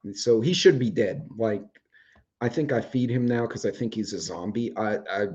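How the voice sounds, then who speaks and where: A man's voice: on the low side, moderate pace, darkish tone, lo-fi sound. Rambling, cussing man. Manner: rambling, informal, swears casually. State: voice starting to go. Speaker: host. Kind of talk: casual chat. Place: home, indoors with dogs.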